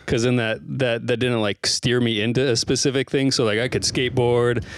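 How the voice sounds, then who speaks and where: A man in casual chat, relaxed and rambling with many fillers. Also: mid-range voice, fairly quick, slight background noise.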